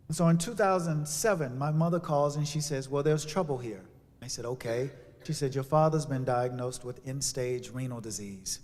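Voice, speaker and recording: Guy preaching a story, goes quiet then loud, big echo from a church hall. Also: medium pitch, normal speed. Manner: dramatic, swings from hushed to loud. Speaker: speaker. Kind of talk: storytelling sermon. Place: church sanctuary. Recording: long hall reverb.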